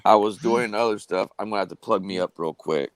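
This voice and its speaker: A low-pitched man with a drawl spins a rambling tale on a live stream, stopping and starting as he goes. His voice is recorded close and dry, with no room sound. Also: a little fast, no echo, low-quality recording. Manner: drawling, rambling with many fillers and restarts. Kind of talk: casual storytelling on a live stream.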